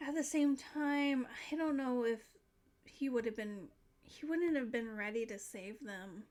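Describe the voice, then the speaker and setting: A woman's voice: a little high, a little slow, darkish tone. A young woman reacting to a show in casual commentary, emotional, teary and swearing freely. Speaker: reaction video host.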